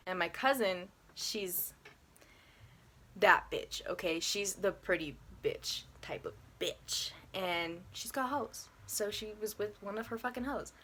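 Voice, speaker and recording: A woman's voice: mid-range voice, a bit bright. A young woman telling a casual, profane storytime to her handheld camera in her bedroom. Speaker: vlogger. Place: bedroom at home.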